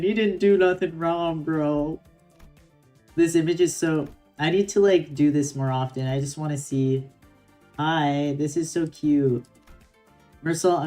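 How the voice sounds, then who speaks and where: A woman's voice: deep voice, dark tone. A woman streamer reading a game story aloud on stream, reacting with playful giggles.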